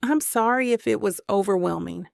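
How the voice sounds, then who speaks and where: A woman voicing a grumpy, stern male professor who speaks in a low, measured, earnest way. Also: vocal fry, no echo, studio quality.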